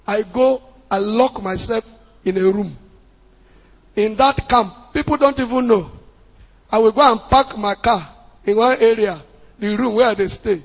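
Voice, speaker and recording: A man with a Nigerian accent preaching as a pastor, dropping into Pidgin asides and bursting into loud emphasis. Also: high voice, moderate pace. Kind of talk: sermon. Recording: long hall reverb.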